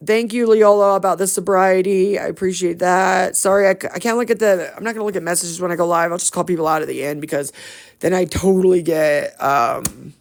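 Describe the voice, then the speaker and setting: A woman's voice: fairly low pitch, steady tone, a little fast, gravelly. A woman on a phone livestream, greeting viewers by name in an affectionate, chatty, rambling way. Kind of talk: casual livestream shout-outs.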